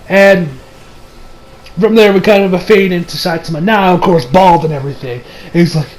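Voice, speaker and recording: A man's voice: high-pitched, quick pace, low-quality recording. A young man giving a rambling, casual recap of an anime episode, acting out the characters' lines and laughing as he goes. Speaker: anime reviewer.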